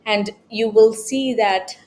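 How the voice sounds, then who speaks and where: A woman's voice: on the high side, steady tone, slow, darkish tone, a little hiss or hum, rough recording. A woman self-help coach talking in a motivational vlog, earnest and asking pointed rhetorical questions.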